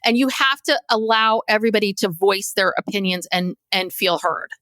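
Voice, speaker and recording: A woman's voice: mid-range voice, normal speed, a bit bright, dry recording. A woman therapist co-hosting a podcast, recapping a show in a chatty storytelling way with fillers. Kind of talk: casual recap chat.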